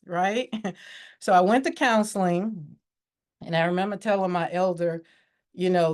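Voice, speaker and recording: A woman's voice: medium pitch, lively intonation, normal speed. A woman as a podcast guest, telling her personal story in a candid, reflective way, livening up when she quotes others.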